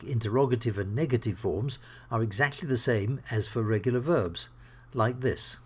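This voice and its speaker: A man teaching English grammar, explaining slowly and clearly with worked examples. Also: mid-range voice. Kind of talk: grammar lesson.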